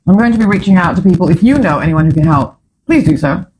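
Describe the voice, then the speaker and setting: A woman's voice: on the low side, animated, fast, dark tone, slight background noise, low-quality recording. Chatty, opinionated woman hosting a talk show. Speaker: show host. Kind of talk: casual talk show chat. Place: studio.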